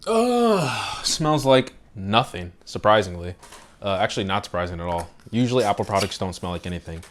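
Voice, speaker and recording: A man doing a casual late-night unboxing at home. He is slightly out of breath and swings between quiet asides and loud excited exclamations. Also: low-pitched, brisk. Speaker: tech unboxing vlogger.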